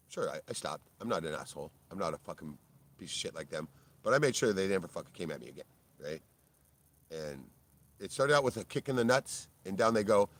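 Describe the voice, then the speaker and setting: A middle-aged man telling a rambling personal story in a blunt, heavily profane way, ending many phrases with "right?" and flaring up loudly at times. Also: low-pitched. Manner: gets loud and worked up in bursts. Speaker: video creator.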